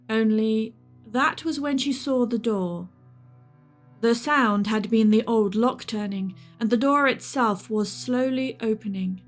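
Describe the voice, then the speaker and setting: A woman narrating a ghost story as scripted narration, with a measured, suspenseful reading. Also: a little high.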